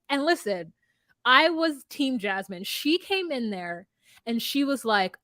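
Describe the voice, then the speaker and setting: Chatty higher-voiced woman, dry sound. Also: sing-song, slow pace, pushed and bright, no echo. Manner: gossipy, mimics people in quotes. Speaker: podcast co-host. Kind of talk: casual recap chat.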